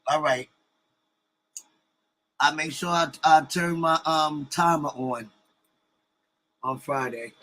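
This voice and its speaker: A bright, tense-edged man's voice, pitched a little high. He is relaxed and chatty, greeting viewers and keeping a live stream going with colloquial small talk. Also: takes it slowly, pauses often, low-quality recording. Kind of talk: casual live-stream chat.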